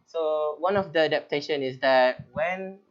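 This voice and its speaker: A man's voice: on the high side, a little slow, lo-fi sound. A man with a Malaysian English accent, a teacher trainer explaining essay feedback in a chatty, joking way. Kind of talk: webinar on teaching writing.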